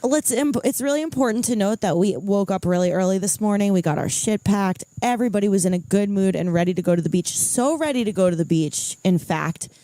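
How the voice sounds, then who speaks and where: Woman, podcast co-host, mellow mid-pitched voice, easygoing and teasing, dry sound. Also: fairly quick, few pauses, no echo. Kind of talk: casual chat.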